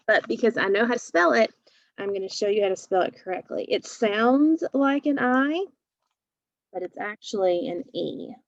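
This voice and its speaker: A woman teaching phonics to young children, slowly and patiently sounding out each letter. The recording is dry and a little dull. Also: medium pitch, no echo.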